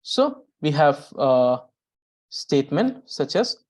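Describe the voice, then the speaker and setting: In this recorded language lesson, a lively woman with a low voice reads out example sentences while explaining grammar at a slow pace. Her explanations are broken up by frequent "uh" pauses and restarts.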